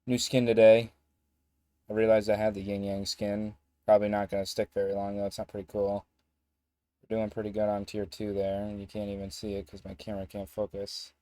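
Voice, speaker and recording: A man's voice: fairly low pitch, monotone, fairly quick, dark tone, no echo. A young man telling a story in a casual vlog, rambling and joking, with some swearing. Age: young adult. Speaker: vlogger.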